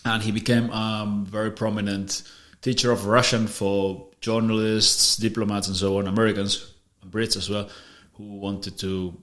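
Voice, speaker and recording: A man's voice: lowish voice, little pitch movement, normal speed, few pauses, fairly bright tone. A man hosting a podcast, explaining ideas in casual conversation, often restarting and repeating words. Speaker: podcast host. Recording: roomy echo.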